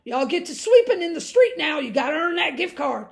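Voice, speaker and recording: A woman's voice: very high-pitched, big pitch swings, brisk, gravelly, pitched above the performer's own voice, exaggerated voice. A woman voicing a bossy, drawling country bumpkin man who hands out teasing orders in a folksy way. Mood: mocking.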